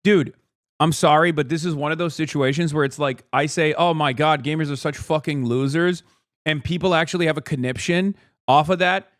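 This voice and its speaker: A man's voice: on the high side, steady tone, fairly quick, no room sound, clean studio sound. A man ranting on a livestream, profane, exasperated and mocking as he fires off commentary. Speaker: streamer. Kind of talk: heated livestream commentary rant.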